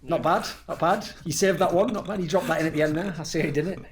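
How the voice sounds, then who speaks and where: Man, podcast guest, very fast talker, blunt, swears a lot, animated storytelling. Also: a little high. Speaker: podcast guest, retired pro gamer. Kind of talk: casual podcast chat.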